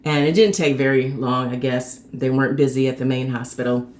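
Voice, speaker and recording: A woman hosting her own show, telling a personal story in a chatty, animated way and acting out the people in it. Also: brisk. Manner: animated, acts out quoted people with sharp pitch jumps; chatty and conversational. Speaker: host.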